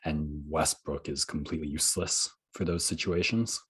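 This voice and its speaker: Very deep husky man, rambling sports talk. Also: fairly even intonation, normal speed, a bit bright. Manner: rambling, thinking aloud. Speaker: podcast co-host. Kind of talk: casual sports chat.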